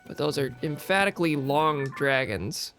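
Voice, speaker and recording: A man streaming a video game, thinking out loud in casual commentary and poking fun at himself. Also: fairly high pitch, animated, a little hiss or hum. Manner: musing aloud, self-mocking, quick laughs. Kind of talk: casual let's-play commentary. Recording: faint game music behind.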